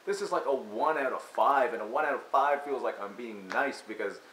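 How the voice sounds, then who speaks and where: A man's voice: mid-range voice, animated, normal speed, a bit bright. A man giving a crude, mocking rant of an album review, breaking into exaggerated impressions. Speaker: music reviewer. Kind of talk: ranting comedic album review. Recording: echoey room with faint hiss.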